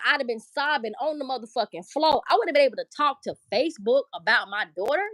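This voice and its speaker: A woman's voice: high-pitched, expressive, fast talker, hardly any pauses, fairly bright tone, dry recording. A middle-aged woman hosting a livestream, ranting emotionally and profanely. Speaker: livestream host. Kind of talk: casual livestream commentary.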